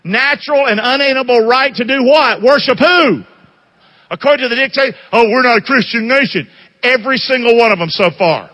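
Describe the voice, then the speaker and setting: A man's voice: very high voice, a little fast, sharp tone, long reverb tail. A man preaching a sermon, reading aloud and firing call-and-response questions at his listeners with emphatic energy.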